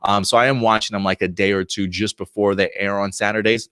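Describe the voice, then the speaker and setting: Upbeat, low-voiced male reviewer. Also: level tone, a little fast, fairly bright tone, smooth, dry recording. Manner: enthusiastic, rambling, heavy on fillers and restarts. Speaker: host reviewing episodes and comics. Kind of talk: casual video review.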